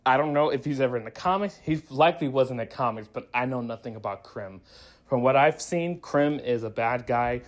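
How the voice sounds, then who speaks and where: A man's voice: medium pitch, a little fast. Rambling, restarting man reviewing a movie. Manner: rambling plot recap with frequent restarts; laughs and acts out quoted lines. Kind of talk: casual spoiler review.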